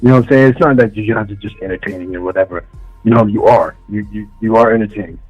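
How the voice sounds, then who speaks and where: A man calling in to a talk radio show, a little hoarse, speaking earnestly and often asking "you see what I'm saying". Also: on the low side, fast talker, faint music behind. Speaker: caller. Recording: dull lo-fi phone call.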